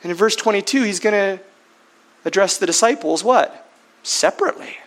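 A man's voice: high-pitched, moderate pace, a bit bright. A man preaching a teaching sermon, often asking his listeners questions and answering them himself. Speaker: Bible teacher.

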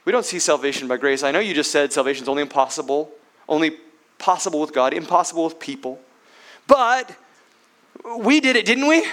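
A man's voice: a little high, lively intonation, brisk, fairly bright tone, voice pushed down. A man preaching puts on the voice of an earnest adult male disciple who asks plain, pleading questions and wants reassurance. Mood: boastful.

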